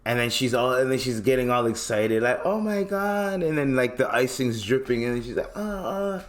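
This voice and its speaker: A man's voice: medium pitch, level tone, fairly quick. A young man with a Toronto accent rants solo on his podcast, exasperated and profane. He mocks what he is describing and swears freely as he talks. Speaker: podcast host. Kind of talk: ranting solo podcast monologue.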